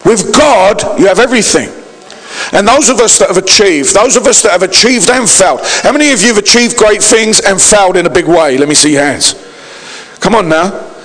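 A male pastor with a high voice delivers a sermon, calling on the congregation to raise their hands and answer back. His voice rings with the long reverb of a large hall. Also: animated, brisk, fairly bright tone. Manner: preachy, calls out to the congregation for responses.

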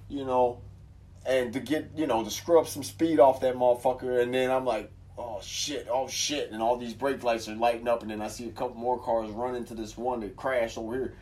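A man telling a wild, profane story in casual chat, acting out the quotes loudly. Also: mid-range voice. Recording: voice from far off the mic.

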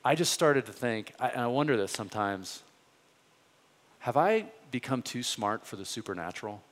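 A man's voice: medium pitch, animated, normal speed. A man preaching a sermon as a pastor, earnest and conversational, pressing his points with rising questions. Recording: reverberant hall.

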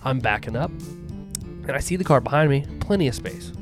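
A man in his thirties chatting casually as a podcast host, swearing freely and telling animated stories about being a dad. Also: mid-range voice, moderate pace. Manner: swears a lot, animated storytelling. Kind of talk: casual chat. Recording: music playing in the background.

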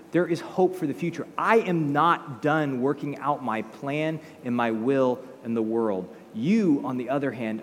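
Preacher doing god's voice, probing questions, firm and steady, hall echo. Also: male voice, medium pitch, slight background noise. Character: patient questioning male God voice.

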